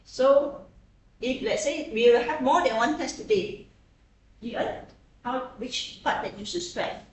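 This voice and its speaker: A woman's voice: sits high, unhurried. A woman lecturer teaching a class, who keeps checking in with her students through frequent tag questions. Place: echoey classroom. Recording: very echoey classroom, distant mic, faint hiss.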